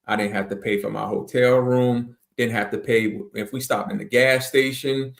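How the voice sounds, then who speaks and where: A man's voice: medium pitch, normal speed, creaky. Earnest slangy man from South Carolina. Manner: reflective and slangy, steady and earnest. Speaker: guest, motivational speaker. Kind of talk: casual interview conversation.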